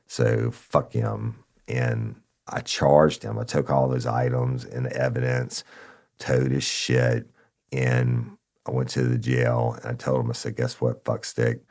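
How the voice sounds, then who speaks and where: A man with an extremely deep, gravelly voice tells a story from his time as a narcotics officer. He talks bluntly and casually, swears freely, and speaks straight to the listeners as y'all. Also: little pitch movement, slow pace, darkish tone.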